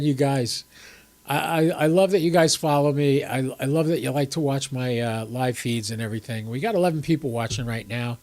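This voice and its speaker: A man's voice: a little high, darkish tone. An older man hosting a ham radio livestream from home, rambling casually to his chat viewers and sounding a little stuffy with a cold. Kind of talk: casual live-stream chat. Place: home room, seated on camera.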